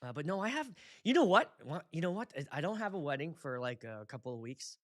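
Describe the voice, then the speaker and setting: Lively, chatty man hosting a stream. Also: on the high side, fast talker. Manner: chatty, rambling, self-deprecating. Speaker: DJ and show host. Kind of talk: casual livestream chat.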